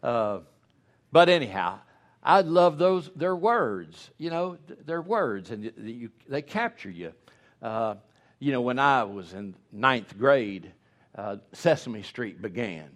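A man's voice: medium pitch, lively intonation, takes it slowly. Folksy joking older male preacher. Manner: folksy, joking, rambling with restarts. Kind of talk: humorous storytelling sermon.

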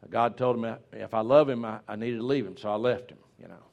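A man's voice: fairly low pitch, a little fast, gravelly, a little mellow. A middle-aged man preaching a sermon, emphatic and repeating words for weight.

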